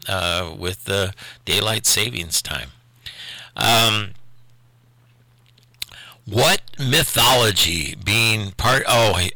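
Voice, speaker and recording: A man's voice: on the low side, gravelly, sharp tone, no echo. An older man from Ohio hosting a local call-in radio show, rambling in a chatty, self-deprecating way. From Ohio, USA. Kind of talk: casual radio chat.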